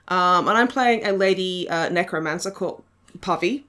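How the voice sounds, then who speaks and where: Bright-voiced sardonic woman podcaster. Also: medium pitch, fairly quick. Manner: sardonic, swearing, giggly. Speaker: podcast host. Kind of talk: casual chat.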